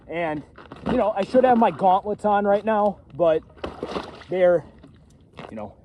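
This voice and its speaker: Outdoors guy vlogging from a frozen pond, fairly high voice, stumbling and restarting a lot. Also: expressive, muffled recording, slight background noise. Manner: halting, full of fillers and restarts. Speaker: first-time trapper. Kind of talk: casual outdoor vlog talk. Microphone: camera set on a pack basket a few feet away.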